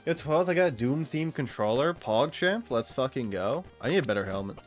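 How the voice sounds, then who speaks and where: A man's voice: fairly high pitch, lively intonation, moderate pace, fairly bright tone, faint music behind. A young man streaming a game and chatting casually, rambling and swearing with frequent laughs. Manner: rambling, profane, laughs often. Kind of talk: casual gaming chat.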